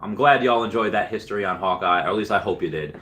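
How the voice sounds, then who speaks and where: A man hosts a casual livestream in a rambling, offhand way, filling his talk with fillers and quick restarts. His voice sits on the lower side yet comes across bright and forceful. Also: a little hiss or hum. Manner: rambling, filler-heavy storytelling. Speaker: livestream host.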